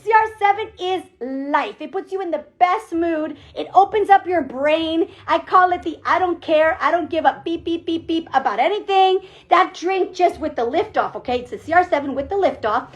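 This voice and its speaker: A woman team leader giving an energetic motivational pep talk on a group call, emphatic and repeating her phrases. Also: very high voice, moderate pace, hardly any pauses, dull audio. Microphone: call audio.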